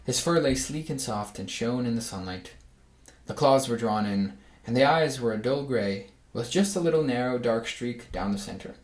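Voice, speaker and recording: A man reading a children's storybook aloud, giving the animals lively voices. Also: medium pitch, reverberant.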